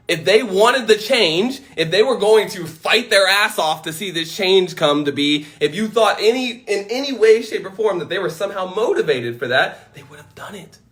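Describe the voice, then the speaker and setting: A man on a casual livestream from home, talking emphatically and swearing freely into a phone. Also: high voice. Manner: animated, profane, emphatic. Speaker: livestream host.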